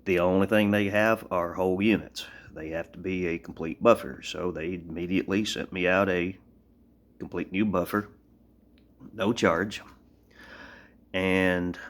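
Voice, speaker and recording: Man from Tennessee, very low voice, plainspoken vlogger filming on a phone, rambling and blunt. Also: a bit bright. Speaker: gun owner vlogger. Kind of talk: casual show-and-tell gun review.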